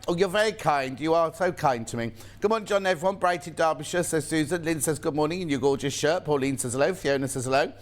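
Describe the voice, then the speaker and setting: A chatty, playful man hosts a live TV shopping show, his voice sitting a little higher than most men's. He chats easily and reads out viewers' messages between product pitches. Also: fairly bright tone. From United Kingdom. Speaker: shopping channel presenter. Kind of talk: live TV sales presentation.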